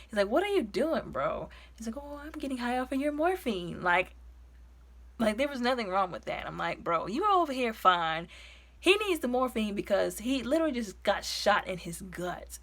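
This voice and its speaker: A woman's voice: on the low side, fairly bright tone. A young woman giving a casual, chatty movie review, often dropping to a whisper when she retells scenes.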